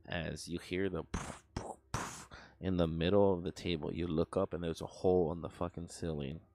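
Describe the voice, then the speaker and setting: A man's voice: sits low, little pitch movement, moderate pace, darkish tone, no echo. A young man streaming live, telling a story in a rambling, profane way, full of fillers and sound effects.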